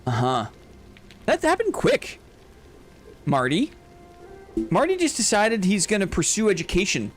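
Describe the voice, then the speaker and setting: Lively, chatty male game streamer. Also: sits high. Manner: chatty, playful, reads chat aloud. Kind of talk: casual live-stream commentary.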